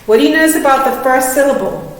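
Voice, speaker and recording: A woman's voice: high voice, quick pace, distant mic. Woman teacher in an echoey room. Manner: patient, encouraging, asks many checking questions. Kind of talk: reading lesson for children.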